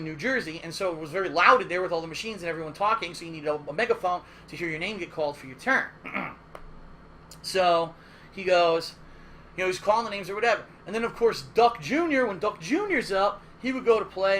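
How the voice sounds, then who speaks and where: Bright, high-voiced man telling stories. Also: a little hiss or hum. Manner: animated, profane, emphatic retelling. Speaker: gaming streamer. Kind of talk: casual storytelling.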